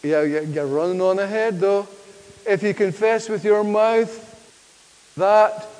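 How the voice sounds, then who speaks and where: A man's voice: high-pitched, steady tone, a little slow, darkish tone. A man preaching a sermon in church, building to emphatic declarations and drawing answers from the congregation. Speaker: pastor. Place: church hall. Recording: reverberant church hall.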